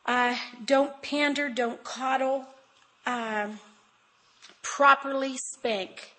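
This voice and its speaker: An older woman with a slightly high voice gives a conversational, sermon-like talk to a room of women. She speaks directly to her listeners, emphatic and homespun, weaving in stories about her own family. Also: steady tone, drawn-out words, pushed and bright, rough recording. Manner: chatty and emphatic, addressing the audience directly; homespun storytelling with family anecdotes. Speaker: guest speaker at a women's conference.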